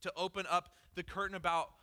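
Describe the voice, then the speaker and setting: Bright-voiced man preaching casually. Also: high-pitched, fairly even intonation, a little fast. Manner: casual and candid, peppered with "like". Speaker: pastor. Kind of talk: conversational sermon with a personal story.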